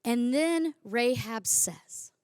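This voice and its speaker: Woman, preacher, high-pitched, dry, emphatic, repeating phrases. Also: expressive, very slow, darkish tone, clean tone, dry recording. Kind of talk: sermon.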